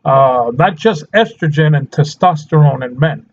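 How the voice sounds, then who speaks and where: A man's voice: fairly high pitch, lively intonation, unhurried, dull audio, a little hiss or hum. A man talking casually as a nutrition coach, chatty, laughing often and checking in with his listeners as he goes. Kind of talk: casual health talk to camera.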